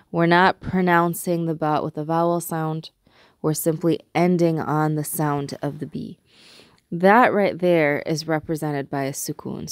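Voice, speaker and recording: Patient woman teacher, low and dry. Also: no room sound. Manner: patient, explains step by step, repeats example words slowly. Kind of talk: recorded language lesson.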